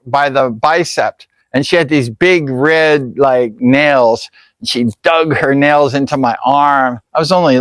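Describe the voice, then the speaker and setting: Rambling man telling a story, somewhat high-pitched. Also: a bit bright, dry recording. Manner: rambling, full of "like" and "you know". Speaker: vlogger. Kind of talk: casual personal storytelling.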